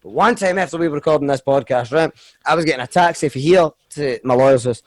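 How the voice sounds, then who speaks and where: A man telling a tale in casual podcast chat, animated and liberal with swearing. His voice sits a touch high and sounds dry and close to the mic. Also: fast, no echo. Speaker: podcast guest.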